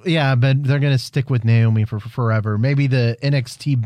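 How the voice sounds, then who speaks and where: A man with a mid-pitched voice argues his points in a relaxed podcast chat. He keeps pushing his partner with questions. The sound is dry and close to the mic. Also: fairly quick, no echo. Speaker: podcast co-host. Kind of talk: casual wrestling chat.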